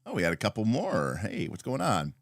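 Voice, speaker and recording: A man's voice: on the low side, huge pitch swings, fairly quick, gravelly. A man hosting a casual livestream, chatty and rambling as he greets viewers by name. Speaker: livestream host.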